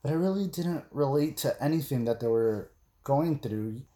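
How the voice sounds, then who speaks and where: A man's voice: mid-range voice, expressive, moderate pace, mellow. A man co-hosting a podcast, speaking in an earnest, reflective way. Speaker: podcast co-host. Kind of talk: casual chat. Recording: roomy, echoey room.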